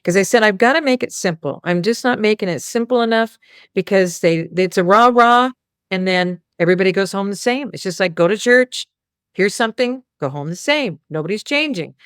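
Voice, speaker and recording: Smooth-voiced woman telling a rambling story. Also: mid-range voice, expressive, fairly quick, no room sound, studio quality. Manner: rambling storytelling, quoting God and others. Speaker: host. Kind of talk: casual spiritual talk to a small group.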